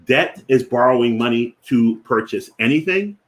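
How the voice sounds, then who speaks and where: A man with a Philadelphia accent hosting a finance show, explaining ideas deliberately and repeating key definitions slowly for emphasis. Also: medium pitch, expressive.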